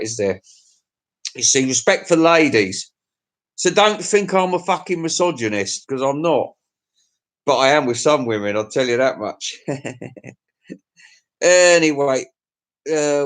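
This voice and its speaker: A man's voice: mid-range voice, animated, unhurried, long pauses. A middle-aged man with an English accent, rambling crudely through a casual livestream chat with his viewers. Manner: rambling, crude, chuckling to himself. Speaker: livestream host.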